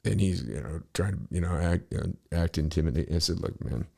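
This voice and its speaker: A man's voice: sits low, fairly quick, vocal fry, a little mellow. A man telling a long, rambling story in casual talk, profane and easily sidetracked.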